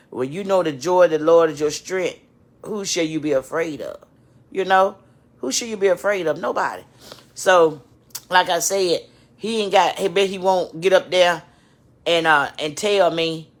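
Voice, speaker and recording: A woman's voice: on the low side, a little slow. A woman, tearful, talking straight to her viewers in an emotional, repetitive, preachy rant. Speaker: vlogger addressing her channel. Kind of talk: emotional live-stream rant.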